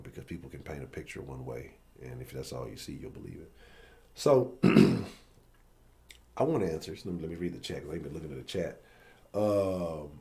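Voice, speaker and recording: A man's voice: extremely low pitch, warm tone. A man hosting a live-stream sports talk show, ranting bluntly and profanely. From Houston area.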